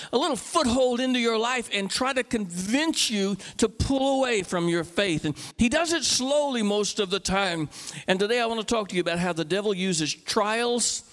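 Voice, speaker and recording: A male pastor preaches with a notably high voice, driving his points home through repetition and call-and-response. The sound carries a long, lingering reverb, as if captured in a large hall. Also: fairly bright tone. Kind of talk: sermon.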